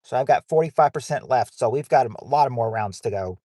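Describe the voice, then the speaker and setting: A man's voice: medium pitch, expressive, a little fast, dark tone, no room sound, studio quality. A man hosting a livestream game night on his phone in a casual, rambling way, reading out viewers' names and answers.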